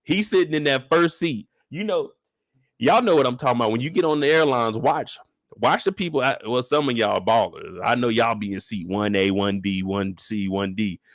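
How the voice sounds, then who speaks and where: In a relaxed, animated live-stream recap of a show, a man performs the characters using exaggerated high voices. The pace is normal, and the recording is dry and studio quality.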